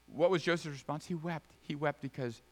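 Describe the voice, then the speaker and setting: Preacher man in an echoing hall. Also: brisk. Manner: emphatic preaching with sudden high, loud outbursts and soft low asides. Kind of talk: sermon. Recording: long reverb of a large hall.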